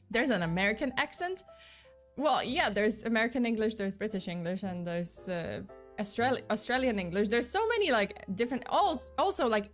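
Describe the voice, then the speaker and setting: Polish-born girl streamer chatting, kinda high voice, lots of "like", faint music behind. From Poland. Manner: rambling, restarts a lot, lots of "like", laughs between words. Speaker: vtuber streamer. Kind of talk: casual chat stream.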